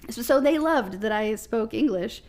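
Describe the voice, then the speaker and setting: A woman's voice: a little high, lively intonation, normal speed, darkish tone. Midwestern American woman, podcast guest, chatty storyteller who laughs a lot. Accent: American Midwest (Ohio). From Ohio, USA. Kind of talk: casual chat.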